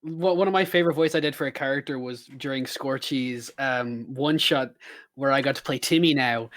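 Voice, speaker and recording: A man's voice: medium pitch, fairly bright tone. An Irish man chatting casually on a podcast, hesitant and full of fillers. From Ireland. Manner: halting, many fillers. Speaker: podcast cast member.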